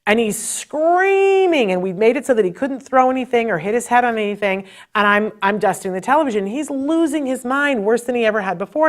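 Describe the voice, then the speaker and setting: Middle-aged woman host, earnest parent-to-parent storytelling, emotional and conversational, natural fillers. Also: fairly high pitch. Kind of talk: personal storytelling advice talk.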